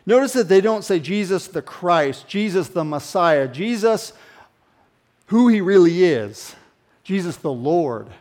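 A man preaching a sermon in a conversational, animated way, often dropping into hushed emphasis. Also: sits high, a little slow. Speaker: pastor.

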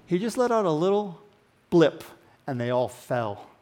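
A man with a fairly high voice preaches a sermon. He talks to the congregation conversationally and with animation, then falls to a hushed tone to stress a point. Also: very animated, measured pace. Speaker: pastor.

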